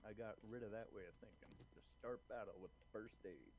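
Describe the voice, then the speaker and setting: A man's voice: fairly low pitch, brisk, a little mellow. A man chatting with a teasing, playful manner while gaming together over voice chat. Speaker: co-player on voice chat. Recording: noisy voice-chat audio.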